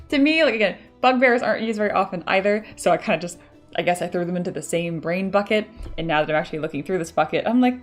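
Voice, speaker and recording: A 3D sculptor chats casually on a live stream while she works, laughing often and reading viewer comments aloud. Her voice is on the low side and quick, with faint music in the background.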